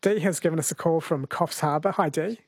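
Radio host, dry close studio sound, conversational, quick questions. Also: mid-range voice, darkish tone, slightly rough, no room sound. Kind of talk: radio interview.

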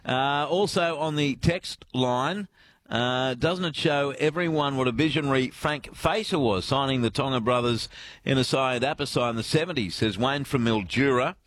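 A man's voice: mid-range voice, normal speed, fairly bright tone, no room sound. An Australian man hosting sports radio, bantering with his co-hosts and reading listener texts aloud.

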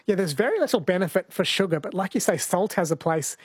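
Easygoing high-voiced male radio host. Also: lively intonation, fast, breathy edge, no room sound, clean studio sound. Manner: easygoing, laughs often. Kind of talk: casual radio chat. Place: radio studio. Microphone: studio microphone.

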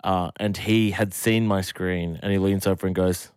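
A man's voice: deep voice, steady tone, moderate pace, darkish tone, clean tone, dry recording, studio quality. A young Australian man co-hosting a breakfast radio show, telling a story with chatty fillers and chuckles. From Sydney, Australia. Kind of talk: casual on-air chat. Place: radio studio.

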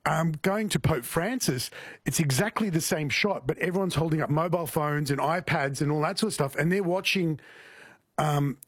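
A man's voice: fairly high pitch, normal speed, no echo, studio quality. A man, a comedian guest chatting casually on a radio show, often repeating words as he starts a thought.

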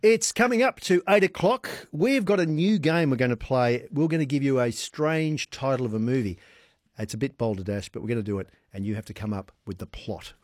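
A man's voice: medium pitch, fairly quick, no echo. A man hosting a radio show, chatting casually and laughing easily as he tells stories. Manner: laughs easily, animated storyteller. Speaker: radio host.

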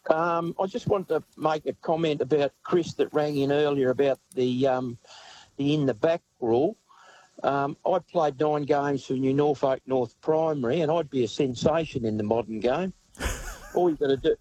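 A man's voice: on the high side, normal speed, a little mellow, low-quality recording. A man with an Australian accent calling in to a radio show with an earnest, rambling comment about a football rule. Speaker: caller.

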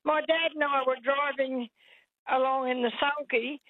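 An older woman calling in to a radio show, telling a story with halting restarts. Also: high-pitched, steady tone, no room sound. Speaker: caller. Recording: tinny phone line.

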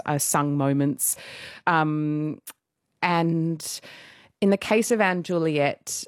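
A woman in her thirties, a musical theatre performer, telling stories as a guest in a casual radio interview, animated and self-deprecating, laughing often. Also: low voice, no echo, studio quality.

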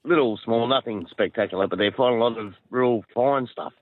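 An Australian man calling in to a radio quiz, chatty and rambling with halting restarts. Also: medium pitch, no echo. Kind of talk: casual phone-in chat. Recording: tinny phone line.

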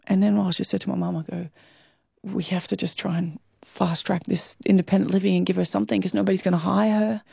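Candid Australian woman with gravelly creak. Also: mid-range voice, level tone, dark tone, dry recording, studio quality. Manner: candid, emotional, quick to laugh. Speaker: guest. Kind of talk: interview conversation.

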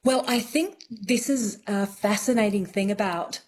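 A woman's voice: mid-range voice, unhurried, darkish tone, slightly rough. A woman accent coach as a radio guest, explaining thoughtfully with frequent ums.

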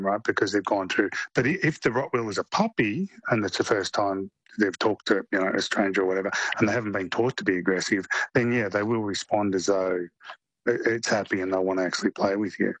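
Deep-voiced man explaining. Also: lively intonation, fast, a bit bright, husky, no room sound. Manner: chatty, explanatory, with many restarts. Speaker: guest neuroscientist. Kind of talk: radio interview.

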